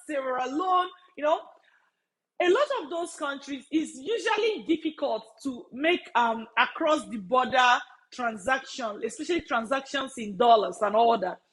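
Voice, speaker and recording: A woman with a high voice talks straight to her viewers as a study-abroad mentor. She is emphatic, drives her points home by repeating them, and breaks into laughter now and then. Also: a bit bright, rough recording. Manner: emphatic, repeats key phrases, laughs often. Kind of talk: casual live-stream talk to viewers.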